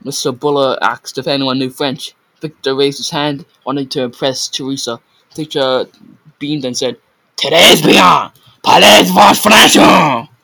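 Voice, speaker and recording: A man's voice: mid-range voice, little pitch movement, normal speed, fairly bright tone, rough recording. A man reading a story aloud in a casual way, often stumbling over words and correcting himself.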